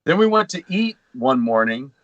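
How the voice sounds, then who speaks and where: A man's voice: mid-range voice, big pitch swings, normal speed, a bit bright, no echo, dull audio. Dry-sounding man telling rambling stories. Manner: rambling anecdotal storyteller. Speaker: podcast co-host. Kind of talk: casual chat.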